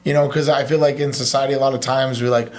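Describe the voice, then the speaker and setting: A man hosts a casual interview in an easygoing way. He agrees often and comes back to his thoughts with halting restarts. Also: mid-range voice, flat delivery. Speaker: podcast host.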